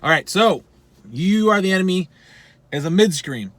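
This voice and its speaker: A man's voice: high-pitched, animated, moderate pace, fairly bright tone, dry recording. A man giving a casual vocal lesson, talking bluntly with plenty of swearing and poking fun at himself. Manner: blunt, profane, self-deprecating. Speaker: vocal instructor.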